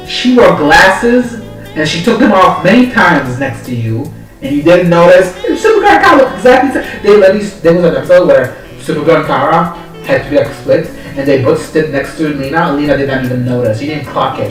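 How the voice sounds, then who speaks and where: A man's voice: on the high side, echoey room, recorded from a distance, low-quality recording. A man ranting casually in a vlog, sassy and profane, often acting out characters' lines. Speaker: vlogger. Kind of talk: casual rant.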